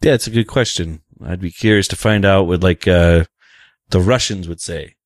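A man's voice: low-pitched, normal speed, dry recording, studio quality. A man co-hosting a podcast in easygoing casual chat. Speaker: podcast co-host.

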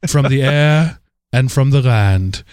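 Man putting on a posh english nature-show narrator, grave, slow, dry close sound. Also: medium pitch, expressive, a little mellow, clean tone, dry recording. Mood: overdramatic. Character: posh English woman documentary narrator, overdramatic.

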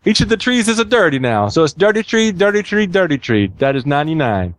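A man's voice: a little high, sing-song, fast, no room sound, voice pushed up. A man voicing a bumbling Italian job seeker with a put-on Italian accent and broken English. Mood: cocky. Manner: exaggerated joke-telling voice, broken English.

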